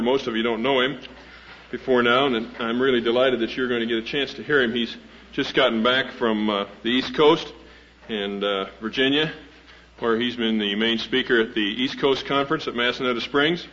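A man's voice: medium pitch, steady tone, a little fast, a bit bright. Guy introducing a speaker to a crowd, folksy and rambly, lots of uhs, dull lo-fi old tape. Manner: folksy, rambling, many fillers and restarts. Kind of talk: speaker introduction with a humorous story.

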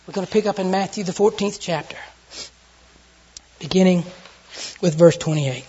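Husky Southern US preacher. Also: medium pitch, normal speed, long pauses. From Southern United States. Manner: storytelling and earnest, with sudden hushed and loud turns. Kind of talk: sermon. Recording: dull lo-fi recording.

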